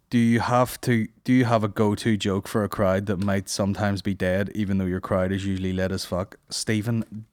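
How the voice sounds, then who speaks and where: A man's voice: on the low side, no echo, clean studio sound. A man hosting a comedy podcast, rambling through listener questions with lots of swearing. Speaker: podcast host. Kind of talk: casual comedy podcast banter.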